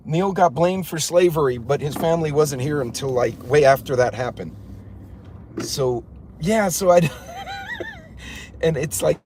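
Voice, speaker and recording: A middle-aged man hosting a casual livestream from a car, telling a story in an animated, incredulous way. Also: fairly high pitch, slight background noise. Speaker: livestream host.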